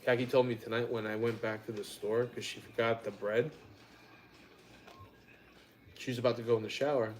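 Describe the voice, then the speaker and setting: A man's voice: mid-range voice, flat delivery, moderate pace, pauses often, slight background noise. A man hosting a casual live-stream chat, telling stories bluntly and wryly and swearing freely. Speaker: host.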